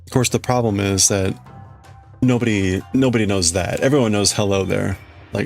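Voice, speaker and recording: A man's voice: on the low side, normal speed, vocal fry, darkish tone, soft background music. A man hosting a livestream, chatting casually and rambling with his viewers, often restarting his sentences. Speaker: livestream host. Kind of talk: casual chat with live chat.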